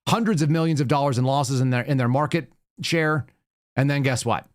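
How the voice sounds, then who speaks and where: A man's voice: medium pitch, brisk. A man hosting a political commentary show, talking in a ranting, sarcastic way. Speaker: show host.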